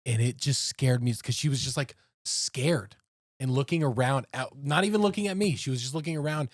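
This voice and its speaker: A man in his thirties co-hosting a podcast, telling stories in an animated, casual way. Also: medium pitch, brisk, no room sound, clean studio sound. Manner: animated storyteller, says "dude" often. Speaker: podcast co-host. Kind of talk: casual chat.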